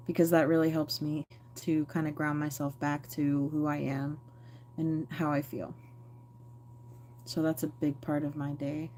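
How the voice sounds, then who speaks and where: A woman's voice: sits low, a little mellow, slight background noise. A woman chatting candidly and rambling on a phone livestream, answering viewer comments. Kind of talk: casual live-stream chat.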